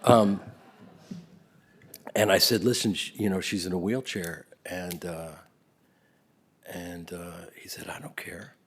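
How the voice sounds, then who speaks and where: A middle-aged man giving a spoken tribute, telling stories about his parents, sometimes loud and laughing, sometimes soft and close to a whisper. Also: deep voice, little pitch movement, takes it slowly, pauses often, a little hiss or hum. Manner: swings between loud laughing bursts and soft near-whispers. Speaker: eulogy speaker.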